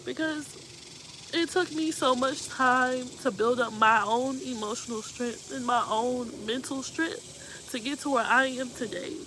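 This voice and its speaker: On a rough recording with slight background noise, a woman's high-sitting voice comes across pushed and bright, moving a little slowly. As host of a live talk show, she shares heartfelt advice with earnest emotion and keeps asking if you know what she means.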